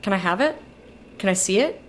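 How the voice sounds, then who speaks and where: A woman's voice: mid-range voice, expressive, brisk. A young woman talks through a video game in a casual, easygoing stream. She reads the characters' lines aloud and muses between them. She is close to a desk microphone with a faint hiss underneath. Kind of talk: casual let's-play commentary.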